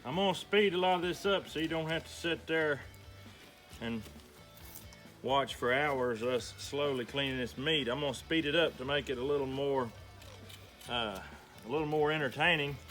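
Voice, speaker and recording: A middle-aged man talks through a hands-on demonstration in a folksy, easygoing way, step by step. His pitch sits at an everyday middle level. Music plays under his voice. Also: normal speed, a bit bright. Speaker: homestead channel host. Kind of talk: how-to demonstration.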